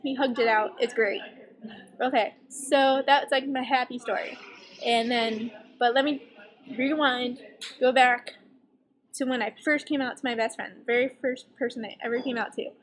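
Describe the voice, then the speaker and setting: A young woman vlogging, telling a story in a chatty, animated way and acting out the voices she quotes. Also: fairly high pitch, normal speed. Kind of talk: casual storytelling.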